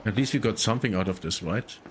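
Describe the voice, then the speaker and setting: A man's voice: on the low side, quick pace, background noise. A man streaming a video game in casual chat, muttering to himself and swearing a lot. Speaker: gaming streamer.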